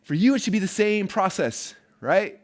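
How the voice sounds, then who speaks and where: A man's voice: high voice, animated, normal speed. A man coaching an online marketing course live, talking energetically and chattily and checking in with listeners with "right?" and "okay?".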